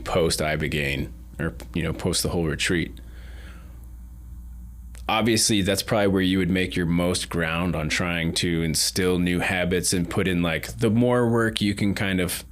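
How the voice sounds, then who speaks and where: A man's voice: sits low, steady tone, moderate pace. A man hosting a podcast, talking bluntly and swearing casually. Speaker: podcast host. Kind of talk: casual conversation.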